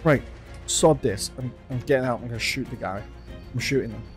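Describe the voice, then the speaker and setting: A man narrating his own gameplay, jumping between nervous muttering and loud threats at the characters. He swears freely and keeps up a constant stream of talk to himself. Faint music plays underneath. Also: mid-range voice, quick pace. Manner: jumpy, swears often, talks to himself and to game characters. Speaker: gaming video host. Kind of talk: let's play commentary.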